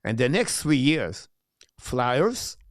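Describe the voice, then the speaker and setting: A native French speaker with a French accent reads out viewer questions on his live hockey watch-along show, answering haltingly with lots of filler sounds. His mid-range voice swings widely in pitch. The recording is dry, with clean studio sound.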